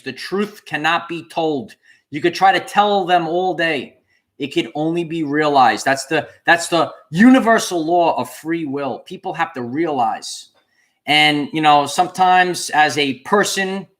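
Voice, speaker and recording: Man preaching to livestream viewers, fairly high. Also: a bit bright. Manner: repetitive, preacher-like emphasis, repeats key phrases. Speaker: channel host.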